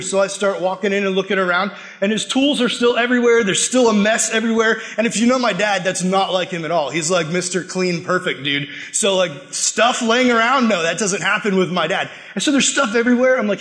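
A man with a noticeably high-pitched voice delivers a sermon. He tells stories animatedly, acting out what people said. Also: normal speed. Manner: animated, acts out quotes and laughs while telling stories. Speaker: preacher. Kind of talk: sermon with personal storytelling.

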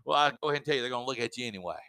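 A man's voice: medium pitch, lively intonation, racing, bright, forceful tone, smooth. A man preaching a sermon in a fervent, exhorting way with folksy asides.

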